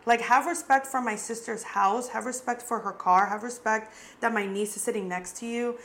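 A woman's voice: a little high, steady tone, moderate pace, a bit bright, slight background noise. A young adult woman hosting a podcast, telling a personal story in a candid, casual way, full of "like" fillers and swearing. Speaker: podcast host.

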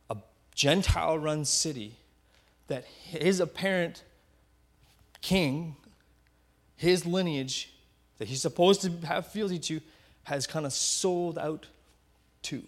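A man preaching a sermon, retelling a Bible story vividly and often dropping to a hushed voice for effect. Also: on the high side, takes it slowly, long pauses. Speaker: pastor.

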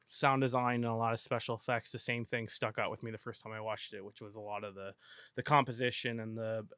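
A man's voice: mid-range voice, fairly bright tone, smooth, dry recording, studio quality. A man co-hosting a podcast, rambling and correcting himself as he talks. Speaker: podcast co-host. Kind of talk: casual chat.

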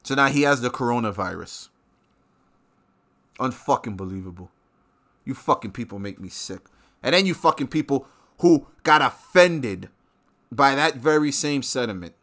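A man rants on his show in a bright, cutting voice. He swears constantly and keeps jumping into loud outbursts. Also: medium pitch, normal speed. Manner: profane, animated ranting with sudden loud outbursts. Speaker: show host. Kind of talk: ranting monologue.

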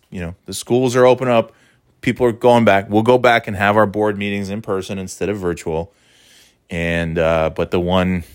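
A man's voice: on the low side, dry recording, studio quality. Sarcastic, swearing male commentator. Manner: sarcastic, swears, mocks with put-on voices. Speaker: commentator reacting to a clip. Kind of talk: casual profane commentary.

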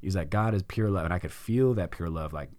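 A man's voice: low-pitched, a little fast, darkish tone, no echo. A middle-aged man hosting a podcast, telling a personal story in casual conversation and acting out his own past reactions. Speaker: podcast host.

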